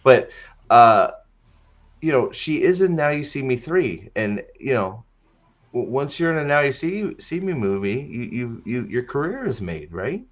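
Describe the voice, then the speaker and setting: A man's voice: mid-range voice, big pitch swings, a little slow. Rambling man hosting a livestream, lo-fi. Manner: rambling, joking, stammering restarts. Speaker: livestream podcast host. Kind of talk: casual chat.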